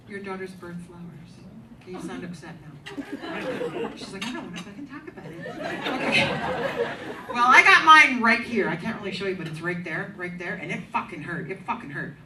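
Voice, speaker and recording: Casting: brash, foul-mouthed stand-up woman in her fifties, lively swooping voice, roomy club with loud laughing crowd. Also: mid-range voice, moderate pace, recorded from a distance, background noise. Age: 50s. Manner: brash, profane, crowd work. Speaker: stand-up comedian. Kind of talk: live stand-up set. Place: comedy club stage with live audience.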